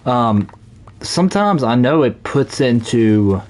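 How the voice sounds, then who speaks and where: Slow-talking Southern US man streaming. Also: mid-range voice, animated, a little mellow. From Southern United States. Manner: rambling, halting, many fillers. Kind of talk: casual live-stream chat while playing.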